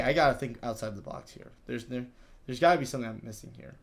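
A man giving live gameplay commentary, talking to himself in frustrated, excitable bursts with many restarts. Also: fairly high pitch, fast talker. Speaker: gaming YouTuber.

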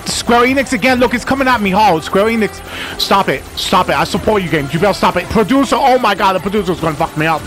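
A man's voice: high-pitched, lively intonation, fast talker, music in the background. A man commenting on his gameplay in a dramatic, emotional, profane way, often talking to himself. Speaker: let's play gamer.

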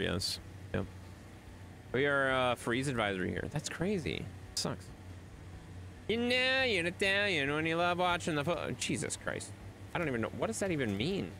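Lively, chatty male livestreamer. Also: medium pitch, gravelly, a little hiss or hum. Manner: chatty, teasing, rambling with restarts. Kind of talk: casual live-stream chat.

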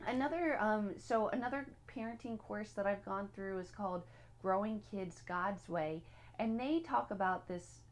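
A woman talks through a parenting lesson in an easygoing, conversational way. She is earnest and direct, and she owns up to her mistakes as she goes. Her voice sits at a medium pitch. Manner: earnest and direct, gives homework, admits own slips. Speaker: parenting teacher. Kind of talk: casual spoken lesson.

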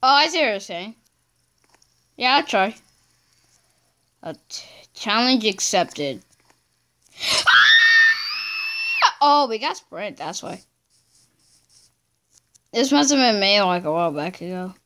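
A woman's voice: medium pitch, expressive, measured pace, pauses often, fairly bright tone, shouting. A woman casually commenting on her own gameplay, chatty and talking to herself, breaking into screams when she fails. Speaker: gameplay channel host.

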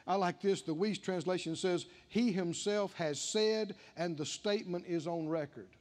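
A man's voice: high voice, normal speed, darkish tone, a little hiss or hum. A man preaching a sermon to a congregation, repeating his lines and calling on them to answer back. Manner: call-and-response preaching, repeating lines with rising emphasis. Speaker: pastor. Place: church sanctuary with congregation.

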